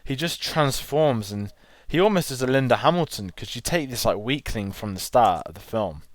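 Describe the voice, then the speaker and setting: A man's voice: medium pitch, lively intonation, moderate pace, no room sound. A man co-hosting a film podcast, chatting enthusiastically and rambling with restarts. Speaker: podcast co-host. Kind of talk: casual film chat.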